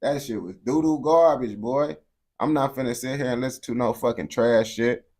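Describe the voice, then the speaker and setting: A man's voice: medium pitch, moderate pace, a little mellow. A man giving casual reaction commentary, blunt and profane, full of slang and repeated phrases. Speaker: reaction streamer.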